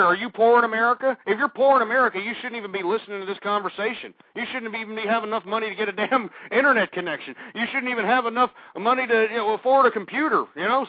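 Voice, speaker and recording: A high-voiced man rants angrily as a call-in radio host, snapping and insulting whoever phones in. The sound is dry and thin, squeezed down like an old phone line. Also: dry recording. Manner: abrasive, insulting, shouting at callers. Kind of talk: aggressive talk radio rant. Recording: dry, tinny phone-like audio.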